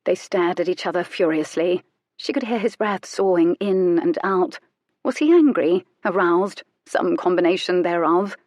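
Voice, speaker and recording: A woman narrating an audiobook in an intimate, measured storytelling manner. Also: fairly low pitch, a little mellow, no echo. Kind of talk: scripted narration.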